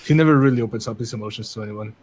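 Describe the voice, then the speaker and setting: A man's voice: fairly low pitch, rapid-fire, darkish tone, slight background noise, low-quality recording. A man taking part in a tabletop game, thoughtfully describing his character. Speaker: player.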